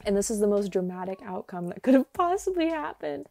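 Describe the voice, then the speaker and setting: A young woman giving excitable, laughing commentary while playing a video game late at night, recorded on earbuds at home. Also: a little fast, vocal fry, few pauses. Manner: excitable, laughing, big pitch jumps and squeals. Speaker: gaming YouTuber. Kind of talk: casual gameplay commentary. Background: faint game music.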